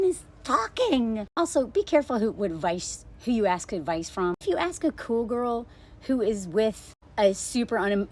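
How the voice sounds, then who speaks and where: A woman in her thirties giving casual, blunt and sarcastic commentary on a dating show. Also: a little high. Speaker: social media commentator.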